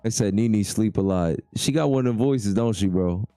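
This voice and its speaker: A man with a low, warm and smooth voice hosts a relaxed livestream. He talks in a laid-back way and reads viewer comments aloud, close to the mic in a dry room. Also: normal speed, no echo, faint music behind. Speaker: livestream host. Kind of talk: casual livestream chat.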